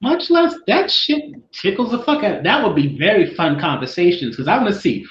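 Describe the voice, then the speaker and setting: A blunt, profane podcast co-host whose pitch swings widely as they talk. The sound is roomy and echoey with a dull, lo-fi tone. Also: very animated, moderate pace, a bit bright, slight background noise. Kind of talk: casual chat.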